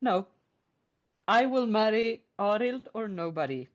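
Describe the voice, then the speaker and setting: A woman's voice: medium pitch, expressive, measured pace, natural voice. A woman voicing a passionate, strong-willed young woman who speaks emphatically. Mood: defiant. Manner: emphatic, defiant. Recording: lo-fi podcast audio.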